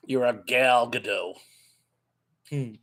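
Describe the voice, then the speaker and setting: A man's voice: medium pitch, fairly bright tone. A man hosting a live chat, reading out viewer comments and replying casually. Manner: chatty, reads viewer comments aloud and answers them with quick asides.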